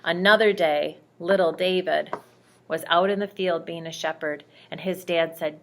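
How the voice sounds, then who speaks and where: A woman telling bible stories to a child, gentle and speaking directly to the listener. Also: fairly low pitch, fairly even intonation, moderate pace. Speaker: storyteller reading to a child. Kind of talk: bedtime bible storytelling.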